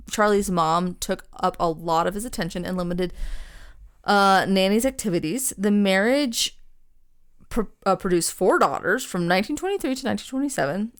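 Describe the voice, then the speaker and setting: A young woman co-hosting a podcast, casually retelling a true crime story with lots of ums, restarts and swearing. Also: mid-range voice. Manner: rambling, swears freely, frequent ums and restarts.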